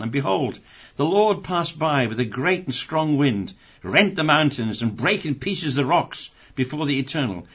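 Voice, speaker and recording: Male preacher, husky, chatty and wry between scripture readings. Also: on the high side, lively intonation, moderate pace, fairly bright tone. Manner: conversational and wry, with many restarts. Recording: dull lo-fi recording.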